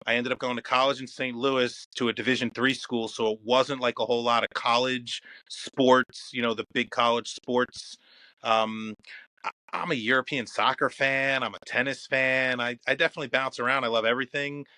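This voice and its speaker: A man's voice: mid-range voice, level tone, normal speed, sharp tone, no room sound. A man from Philadelphia, a guest on a podcast, talking earnestly and gratefully in a casual interview. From Philadelphia, United States. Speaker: league scheduling executive, guest.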